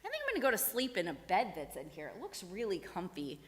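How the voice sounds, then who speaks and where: A woman voicing a patient, gently clever male teacher in a spoken children's story, in an echoey hall. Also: mid-range voice, huge pitch swings, quick pace, pitched below the performer's own voice. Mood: playful.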